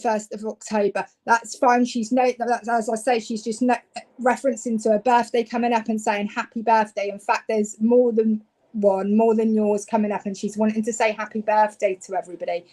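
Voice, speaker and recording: A woman, from Devon, reads cards for viewers on a live stream. Her voice sits a little high, and her talk is chatty and friendly. She gets louder as she gets excited. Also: moderate pace, low-quality recording. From Devon, England. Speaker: psychic medium giving live readings.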